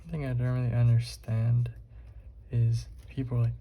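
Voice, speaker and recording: A man's voice: medium pitch, completely flat delivery, a little fast, gravelly, mellow. A young man vlogging while he draws, rambling casually with lots of fillers and swearing. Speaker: art vlogger.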